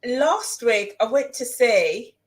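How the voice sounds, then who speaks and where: A woman's voice: fairly high pitch, lively intonation, takes it slowly, low-quality recording. A woman chatting casually in her home kitchen as she cooks, rambling and repeating phrases for emphasis. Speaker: vlogger. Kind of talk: casual chat while cooking.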